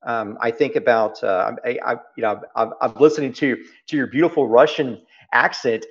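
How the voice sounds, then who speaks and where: A man's voice: mid-range voice, moderate pace, highs cut off. A middle-aged man with a Texas accent, a guest in an interview, speaking emphatically and repeating phrases for stress. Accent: Texan. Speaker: guest, private equity CEO. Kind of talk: reflective interview talk.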